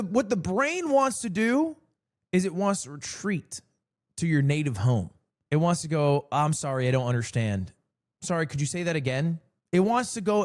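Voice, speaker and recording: A man streaming, telling jokey stories to his chat in a casual, animated way. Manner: joking, animated storytelling with sudden pitch jumps.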